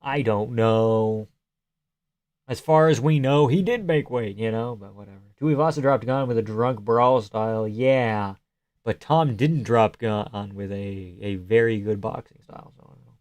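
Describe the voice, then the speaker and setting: During casual live stream chat, a man reads out what viewers send and answers with loose jokes, sometimes dipping to a near-whisper. He speaks at normal speed with a medium pitch and a slightly mellow tone.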